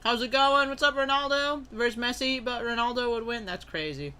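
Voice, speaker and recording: A young adult live-stream host chatting casually with viewers, greeting them by name and bursting into loud excitement, a little sneezy from allergies. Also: mid-range voice, brisk, clear, resonant tone. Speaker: live-stream host opening trading cards.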